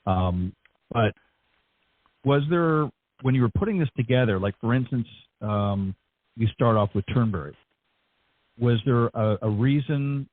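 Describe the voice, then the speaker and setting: A man's voice: mid-range voice, expressive, a little slow, pauses often, no room sound. A male host asking long, rambling interview questions full of fillers. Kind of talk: casual interview. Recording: tinny phone line.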